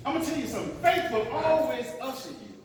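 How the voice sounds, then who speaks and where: High-voiced preacher in an echoey sanctuary. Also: male voice, very animated, quick pace, a little hiss or hum. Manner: preaching with dramatic swings, acting out voices; repeats "watch this" as a refrain. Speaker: pastor. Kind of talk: sermon. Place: large church sanctuary. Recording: echoey hall, picked up from a distance.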